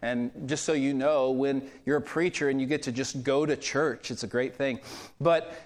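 In a church sanctuary, a male pastor delivers a sermon, telling a story conversationally and growing animated whenever he quotes others. His voice is medium in pitch and his pace is moderate. The church hall gives the recording a long reverb.

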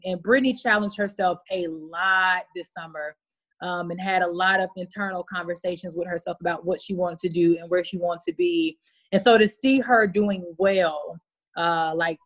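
Podcast guest: woman, casual and lively, acts out quotes. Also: on the low side. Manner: animated, laughing, plays out reactions in voices. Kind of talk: casual conversation.

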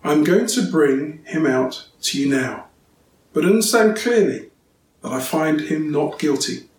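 A man's voice: fairly high pitch, animated, unhurried. A man reading the part of a stern male Roman governor, with emphatic, raised questioning in a roomy, distant recording. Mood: insistent. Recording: roomy, distant, faint ambience.

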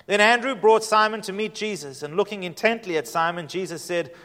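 Male pastor, high voice, earnest and inviting sermon delivery, long hall reverb. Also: fairly quick, few pauses. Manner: earnest, inviting, shifts from hushed to emphatic.

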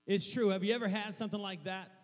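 A young man preaching a sermon in a church, rambling and excitable, stumbling over restarts and breaking into shouts. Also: high voice, fast, long reverb tail. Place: church hall.

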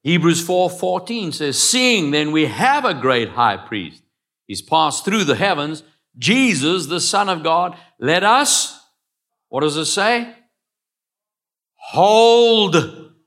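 A man's voice: on the high side, very animated, a little slow. Emphatic male preacher. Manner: emphatic preaching, swinging between loud calls and quiet asides; calls on the congregation to repeat phrases. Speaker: pastor. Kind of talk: sermon.

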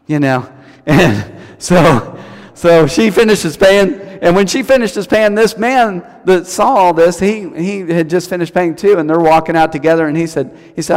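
A man's voice: fairly high pitch, moderate pace, big-room sound. A man preaching a sermon as pastor, telling stories and repeating key lines for emphasis. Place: church service.

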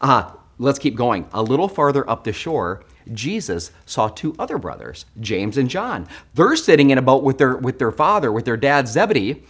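Lively, joking man preaching a sermon. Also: medium pitch, normal speed, husky. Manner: animated and joking, swinging between loud and hushed. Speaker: pastor. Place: church.

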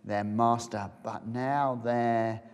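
A man preaching a sermon, retelling a story as if picturing it, dropping to a hush and then rising again. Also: mid-range voice, steady tone, takes it slowly, vocal fry, clean tone, long reverb tail. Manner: storytelling, imagining scenes aloud, swinging from loud to hushed.

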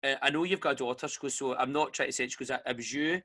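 A Scottish man hosting a casual chat, telling a story with lively energy and acting out the voices of the people he quotes. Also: medium pitch, very fast.

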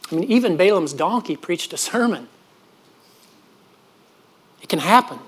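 A man's voice: sits high, fairly bright tone. A man preaching a sermon, earnest and storytelling, often restarting his words. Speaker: pastor.

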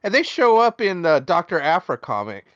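A man co-hosts a podcast and rambles jokily, often restarting his sentences. His voice is fairly high and smooth. The call audio is dull and lo-fi. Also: big pitch swings, normal speed, a bit bright, no room sound. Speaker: podcast co-host. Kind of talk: casual chat.

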